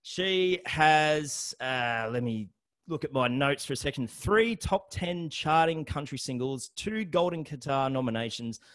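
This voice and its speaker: An Australian man hosts a podcast, chatting casually and upbeat with a guest in an interview-style conversation. His voice is on the high side and fairly bright, with lively intonation and quick asides.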